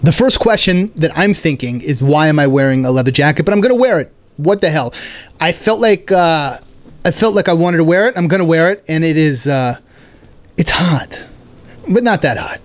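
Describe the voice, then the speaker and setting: Lively high-voiced male comedian host. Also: normal speed. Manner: animated, riffing, self-mocking. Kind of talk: casual rambling stand-up monologue. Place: indoor room.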